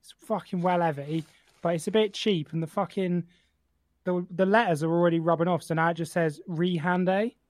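A man's voice: sits high, fairly even intonation, normal speed, no room sound, studio quality. A man hosting a comedy podcast, chatting casually and rambling with lots of swearing and fillers. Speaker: podcast host. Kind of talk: casual chat.

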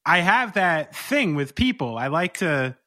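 A man's voice: on the high side, big pitch swings, measured pace, bright, forceful tone. A man hosting a casual chat, laid-back and swearing casually. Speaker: podcast host.

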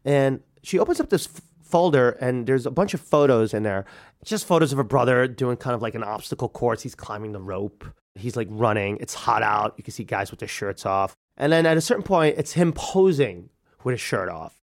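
A man in his thirties telling a personal story, animated and acting out the people he quotes. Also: medium pitch, normal speed. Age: 30s. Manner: animated, acts out quoted voices. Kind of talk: personal story told to a radio audience.

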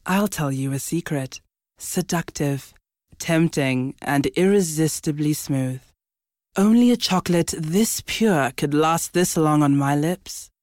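A woman performing a seductive chocolate commercial voiceover, slow and hushed. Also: sits low, dry recording, studio quality. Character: sultry female chocolate-ad voiceover.

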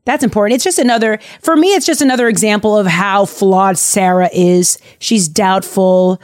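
A woman's voice: medium pitch, moderate pace, no room sound, clean studio sound. A woman podcast host casually retelling a Bible story in a chatty, jokey way.

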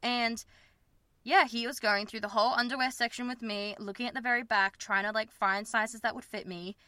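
A woman's voice: on the high side, fairly even intonation, normal speed, sharp tone, no room sound. A young woman, hosting a podcast and talking frankly and rambling about her personal life, with lots of fillers and self-conscious laughs. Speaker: podcast host. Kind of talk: candid personal chat.

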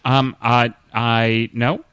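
A male podcast host doing improv comedy, hesitant and halting in his talk. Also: mid-range voice, flat delivery, fairly bright tone, smooth, dry recording.

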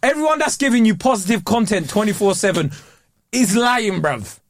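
A man co-hosting a podcast in casual chat, ranting animatedly with drawn-out exclamations. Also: high voice, expressive, dry recording, clean studio sound. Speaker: podcast co-host.

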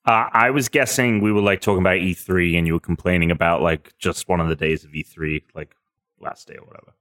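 A relaxed male podcast co-host whose voice sits somewhat low. He talks in an easygoing way, pausing and hedging while he looks for the right word. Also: no room sound. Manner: easygoing, hesitant, searches for words. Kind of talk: casual group chat.

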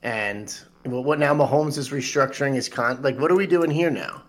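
Excitable ranting man, sports banter. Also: mid-range voice, moderate pace. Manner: ranting, swears freely, excitable. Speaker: podcast co-host. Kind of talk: casual sports chat.

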